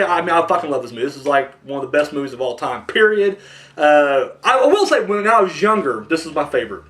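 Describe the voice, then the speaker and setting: Young male podcast host, high and lively, rambling and profane, animated storyteller. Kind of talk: casual chat.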